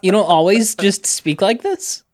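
A man's voice: high-pitched, unhurried. A man co-hosting a podcast, teasing the others in casual chat. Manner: teasing, giggly. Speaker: podcast co-host and player.

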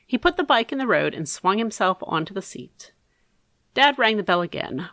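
A woman narrates a first-person story with an expressive, animated delivery. Her voice is bright and moves through a very wide pitch range. The recording is dry and close. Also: normal speed, no echo. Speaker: audiobook narrator.

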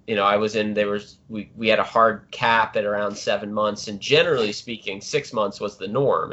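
A man's voice: fairly low pitch, fairly bright tone, highs cut off. A middle-aged man answering as a podcast guest, hesitant and full of fillers. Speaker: podcast guest, naval writer. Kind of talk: casual interview answers.

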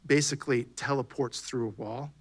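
A man's voice: mid-range voice, fairly even intonation, normal speed, husky. A man preaching a sermon in a conversational way, acting out bits of dialogue as he goes. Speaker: pastor.

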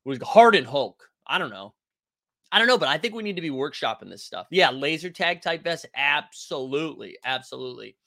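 Man hosting a live stream, forceful bright voice, dry close sound, talks loud and animated, reads chat. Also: fairly high pitch, a little fast, creaky, dry recording. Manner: loud, animated, yells often; reads and answers chat comments. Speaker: host of a basketball live stream.

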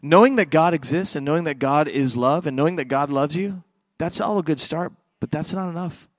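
A middle-aged man preaching a sermon as a pastor, swinging between loud fervent passages and quiet hushed ones. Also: fairly high pitch, a little fast, no room sound.

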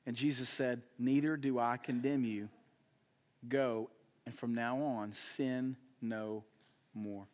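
A young adult male pastor preaching a sermon, swinging between loud emphatic rises and hushed, quiet drops. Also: medium pitch, steady tone, takes it slowly.

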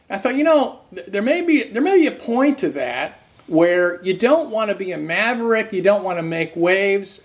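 A man preaching an earnest sermon, restarting phrases and slowing to stress key words. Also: sits high. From raised Roman Catholic.

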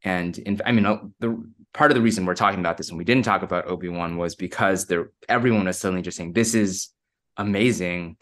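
Male podcast host, very low voice, thoughtful, explains at length. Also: fast talker, a bit bright. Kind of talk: casual chat.

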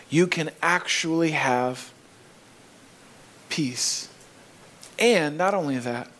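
A man preaching a sermon in a church, earnest and emphatic, rising on key phrases. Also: a little high. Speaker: pastor.

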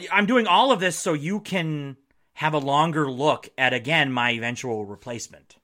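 A man's voice: a little high, pushed and bright, pitched below the performer's own voice. A man voicing a frustrated grown man fed up with his team, asking sarcastic, exasperated questions in a near-everyday voice.

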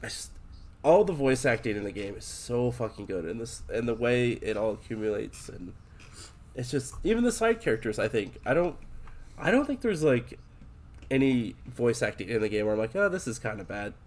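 A man's voice: medium pitch, very animated, moderate pace, darkish tone. A man chatting casually about a video game, rambling with lots of fillers and restarts and swearing freely.

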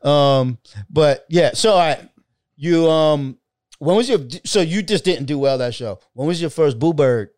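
A male comedian tells a story in loose podcast banter, his voice swinging up and down with plenty of life. The tone is smooth and clear, pitched a bit above the usual for a man, and the sound is dry and close with no room around it. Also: measured pace, dry recording. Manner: animated storytelling, swears freely. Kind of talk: casual podcast chat.

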